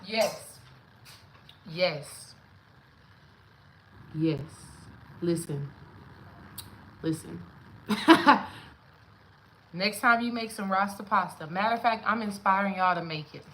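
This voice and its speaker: A woman's voice: medium pitch, slow, long pauses, fairly bright tone, a little hiss or hum, low-quality recording. A young adult woman cooking at home on camera, chatting casually with her viewers, singing along to songs and laughing as she goes. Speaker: spiritual coach cooking on camera. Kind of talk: casual cooking vlog chat.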